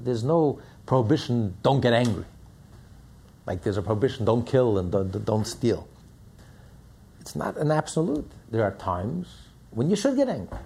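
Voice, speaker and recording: A man's voice: mid-range voice, gravelly, warm tone, husky. A man teaching a Torah lecture as a rabbi, emphatic and repeating phrases as he builds each point.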